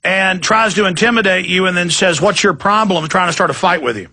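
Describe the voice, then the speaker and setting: A man's voice: high-pitched, expressive, fairly quick, bright, forceful tone. A man hosting a talk radio show, speaking in a heated, emphatic monologue and repeating words as he gets worked up.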